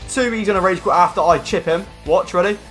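A young man giving casual, slangy commentary over a video game and breaking into loud, excited outbursts. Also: sits high, fast talker, soft background music. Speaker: gaming YouTuber.

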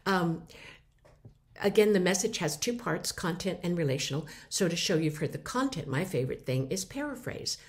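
Middle-aged woman w a lowish voice giving a short lecture, lively, acts out little example replies. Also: normal speed. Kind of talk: mini lecture to camera.

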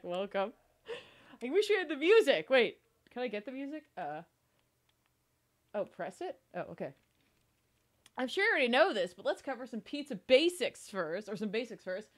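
Streaming a cooking game, a giggly young woman from New Jersey thanks viewers and reads tutorial text aloud in casual live-stream chat. Her fairly high voice is sing-song, at normal speed with frequent pauses.

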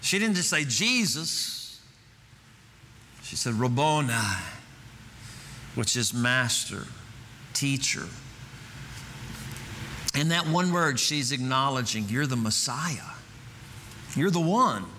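A man's voice: mid-range voice, expressive, slow, pauses often, pushed and bright, a little hiss or hum. A man preaching a sermon as pastor, earnest, repeating phrases as he builds to fervent emphasis. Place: church sanctuary. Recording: reverberant church hall, faint ambience.

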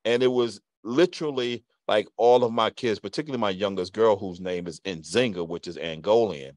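A man from Brooklyn hosting a podcast, chatting casually with a guest in a relaxed way, with lots of fillers. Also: lowish voice, normal speed, no echo. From Brooklyn, New York. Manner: relaxed, warm storytelling with many fillers. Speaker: podcast host. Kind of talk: casual interview chat.

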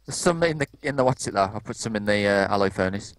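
A man chatting casually while playing a game, relaxed and quick to laugh. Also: fairly low pitch. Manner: relaxed, laughs easily, calls friend dude. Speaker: gamer co-host. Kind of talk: casual gameplay chat.

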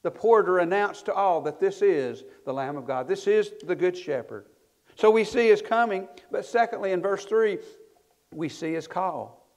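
A male pastor with a high, animated, somewhat dark voice preaches at a normal pace, reading scripture in old-fashioned wording. His delivery is emphatic, rising and falling, each phrase swelling before it trails off at the end.

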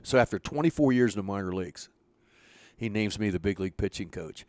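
An older man, a former pitching coach, telling stories in an interview and acting out the lines of people in them. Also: fast, no room sound. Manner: animated storyteller, acts out quoted dialogue. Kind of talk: storytelling in an interview.

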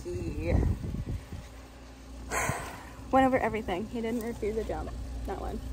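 A woman's voice: mid-range voice, animated, measured pace. A young woman rider vlogging in a chatty, rambling way, full of "like" fillers. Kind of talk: casual vlog chat. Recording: loud background noise.

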